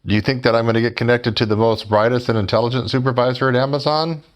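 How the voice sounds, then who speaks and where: A man's voice: medium pitch, fairly even intonation, fast talker. A man telling a story to his viewers in a sarcastic, mocking way and speaking directly to them as folks. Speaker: YouTuber.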